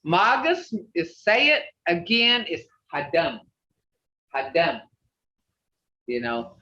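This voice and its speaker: Older woman, language teacher, slow deliberate drilling, distant echoey call audio. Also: lowish voice, very animated, pushed and bright. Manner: slow, drilling syllables and laughing often. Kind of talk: online language class. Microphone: video call. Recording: dull roomy video call audio.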